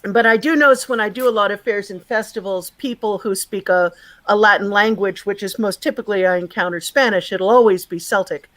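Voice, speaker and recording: A woman's voice: mid-range voice, fairly quick, fairly bright tone, poor audio. A woman guest chatting casually on a video call, explaining things in a digressive, talkative way with lots of fillers. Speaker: guest, magazine and radio presenter. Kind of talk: casual chat, explaining word history.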